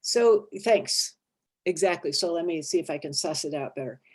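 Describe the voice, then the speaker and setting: A woman therapist leading an interactive workshop, lively and expressive, acting out inner voices and checking in with her listeners. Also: deep voice, normal speed, husky. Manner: animated, acts out inner voices and checks in with "right?".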